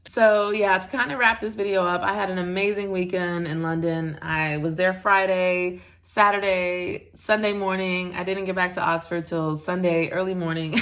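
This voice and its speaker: A young American woman narrates a casual travel vlog in a chatty style, full of fillers and little laughs. Her voice is on the low side and fairly bright, with a steady tone and normal speed.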